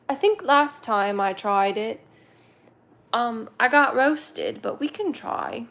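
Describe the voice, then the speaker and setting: A woman's voice: fairly high pitch, normal speed. A young woman hosting a cat rescue livestream, chatting casually with viewers in a playful, giggly, rambling way.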